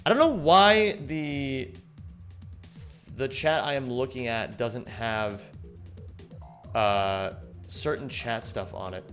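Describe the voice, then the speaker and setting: A man's voice: mid-range voice, slow, long pauses, fairly bright tone, soft background music. A young man live-streaming a game, chatting casually, thanking viewers and swearing freely as he rambles. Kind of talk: casual live-stream chat while gaming.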